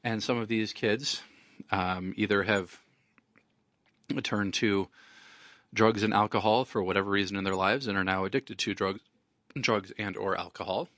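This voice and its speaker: A man's voice: lowish voice, steady tone, moderate pace, pauses often, fairly bright tone, no echo. A man with hiccups hosting a radio talk show as an estate attorney, talking in a rambling, conversational way.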